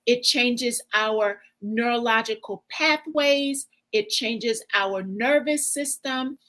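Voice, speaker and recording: A woman guest speaker and relational coach giving a measured, explanatory interview answer. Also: on the high side, a bit bright, poor audio.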